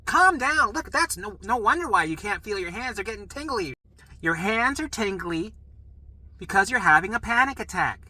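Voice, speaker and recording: Man putting on a high, sharp-voiced nurse, scolding and fed up. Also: expressive, normal speed, exaggerated voice. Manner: scolding, insistent. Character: stern exasperated female ER nurse.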